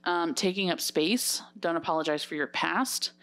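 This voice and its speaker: A woman's voice: fairly low pitch, moderate pace, fairly bright tone. A young woman co-hosting a casual podcast, talking frankly and giving direct advice. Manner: frank, plain-spoken, gives direct advice. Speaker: podcast co-host.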